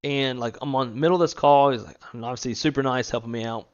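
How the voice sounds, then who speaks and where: Over lo-fi sound, a flight sim streamer chats with his co-pilot at a quick pace, his mid-range voice fairly even in intonation. As host of this casual gaming chat, he's loose and laughs a lot, cursing without restraint.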